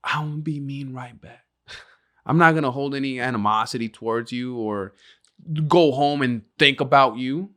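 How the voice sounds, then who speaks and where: A man's voice: mid-range voice, moderate pace, a bit bright. A young man co-hosting a casual podcast, talking brashly and profanely, laughing and acting out little scenes. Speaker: podcast co-host.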